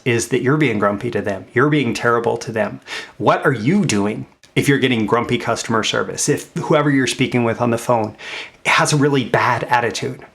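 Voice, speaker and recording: A man's voice: medium pitch, fairly bright tone. Man giving a casual motivational talk. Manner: conversational, many fillers and restarts, rising emphasis on key points. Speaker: marketing coach and host.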